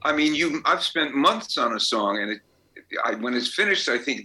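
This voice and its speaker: Bright-voiced older man telling stories. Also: on the high side, lively intonation, moderate pace, rough recording. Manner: rambling anecdotes with fillers and restarts. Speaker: songwriter guest. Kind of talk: casual interview storytelling.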